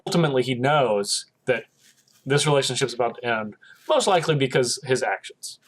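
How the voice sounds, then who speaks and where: Talking a little fast with a mid-range voice, a man co-hosting a podcast walks through an episode's storyline. His casual retelling is animated, and he voices the characters' lines himself.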